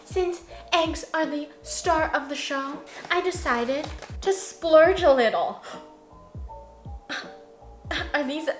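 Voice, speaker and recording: Woman, cooking host, bright high voice, joking and playful, light music underneath. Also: takes it slowly. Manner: playful and jokey, with sing-song asides. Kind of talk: casual cooking narration.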